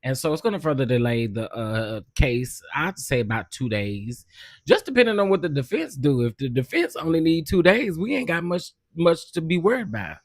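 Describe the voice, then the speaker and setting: A man's voice: fairly high pitch, sing-song, no echo. Chatty man hosting a dry live stream. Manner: chatty, greets viewers by name, drawn-out repeated greetings. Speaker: livestream host. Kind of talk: casual live-stream chat.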